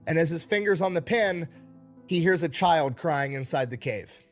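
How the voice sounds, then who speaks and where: A man's voice: on the high side, animated, normal speed, soft background music. A man narrating a war story in a casual, blunt way, acting out the dialogue and swearing freely. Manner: blunt, profane retelling with quoted dialogue. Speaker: storyteller in a played video.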